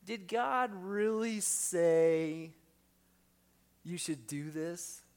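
A man putting on the sly voice of deception, asking drawn-out, insinuating questions. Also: high-pitched, a little mellow, pitched above the performer's own voice, heavily acted. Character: sly doubting voice of deception, whiny, wheedling.

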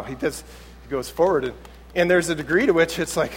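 A man's voice: on the high side, fast talker. A man preaching a sermon in church, talking conversationally and acting out little quotes as he goes. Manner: conversational and animated, acts out quotes. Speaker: pastor.

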